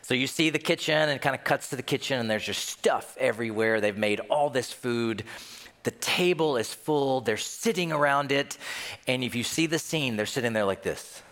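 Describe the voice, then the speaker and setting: A man preaching a sermon, telling a film scene with lively acted-out voices. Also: mid-range voice, moderate pace. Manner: animated storytelling, acts out scenes. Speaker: pastor. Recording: long hall reverb.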